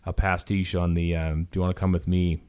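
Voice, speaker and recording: Canadian man, fairly low voice, animated podcast storyteller, casual and filler-heavy. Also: brisk, clear, resonant tone. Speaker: podcast co-host.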